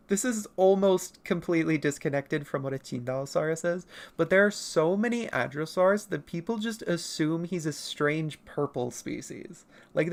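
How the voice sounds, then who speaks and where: A chatty art streamer talking to chat deep into the night, voice held a little higher than it naturally sits. The pitch swings widely as they ramble from answer to answer, with a gravelly fry at the low ends. Laughter keeps breaking in. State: up late, nearly four in the morning. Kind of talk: casual livestream chat while drawing.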